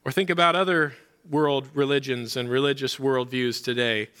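A man's voice: mid-range voice, fairly even intonation, moderate pace, fairly bright tone, clean tone. A man preaching a sermon as pastor, emphatic, repeating his key points and asking rhetorical questions.

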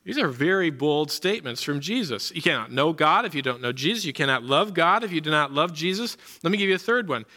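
A man's voice: fairly high pitch, expressive, a little fast, few pauses, bright, forceful tone. A man preaching a sermon as pastor, emphatic, repeating his key points and asking rhetorical questions.

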